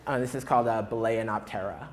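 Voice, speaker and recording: A young man from New York, a performance poet, chatting and joking with a live audience in a college hall, then reciting his own poem with rhythmic verse that swells and softens. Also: fairly low pitch, fast, a little hiss or hum. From United States (New York). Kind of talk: live spoken-word poetry performance.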